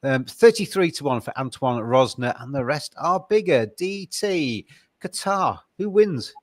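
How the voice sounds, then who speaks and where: A man's voice: a little high, animated, a little slow, dry recording. A man hosting a casual golf betting podcast, jokey and heavy on "um" and "uh" as he reads out odds. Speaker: podcast host.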